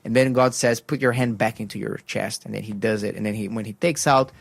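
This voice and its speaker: A man hosting a faith radio breakfast show tells a Bible story in a casual way, full of fillers and restarts. He jumps up in pitch to act out each voice. His studio mic sounds dry and close. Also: steady tone, brisk, gravelly, no room sound.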